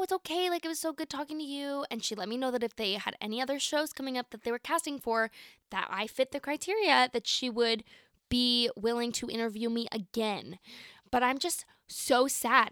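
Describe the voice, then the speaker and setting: A young woman of nineteen hosts her own podcast and tells a personal story in a chatty, animated way. Her voice is bright and slightly high. The sound is close and dry, and she keeps acting out both sides of the conversation. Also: no echo. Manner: chatty, animated, lots of "like" and quoted dialogue. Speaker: podcast host. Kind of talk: casual storytelling.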